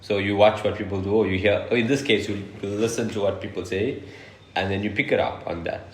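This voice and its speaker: South african guy co-host, lowish voice, roomy echo, chatty and explaining. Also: steady tone, a little fast. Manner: chatty, explaining, laughs along. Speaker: podcast co-host. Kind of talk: casual chat.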